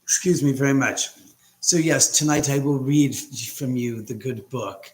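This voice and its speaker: A man with a mid-range, slightly slow, mellow voice hosts a casual livestream from his house over a laptop mic. He rambles through the live chat and greets viewers by name.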